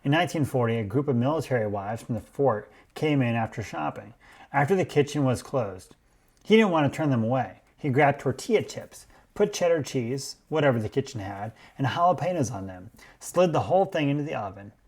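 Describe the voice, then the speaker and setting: Male podcast host, measured storyteller, mid-pitched voice. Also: expressive, darkish tone. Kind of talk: scripted explainer podcast.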